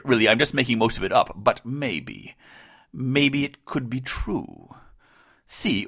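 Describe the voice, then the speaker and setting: A man's voice: fairly low pitch, gravelly, fairly bright tone, exaggerated voice. A man voicing a woman fan who earnestly argues a quirky theory, in a put-on bad British accent. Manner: earnest, rambling, self-aware. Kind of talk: mock recreation reading.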